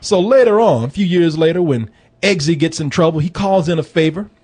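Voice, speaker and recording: Husky, animated man reviewing a film. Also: on the high side, fairly quick. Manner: animated, joking and profane. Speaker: movie review podcast host. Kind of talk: casual chat.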